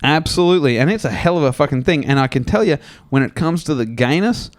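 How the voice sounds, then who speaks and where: A drunk man with a slightly high, expressive voice talks fast on a comedy podcast, rambling through crude jokes and stories. He laughs along, acts out voices in his stories, and keeps up casual crude banter.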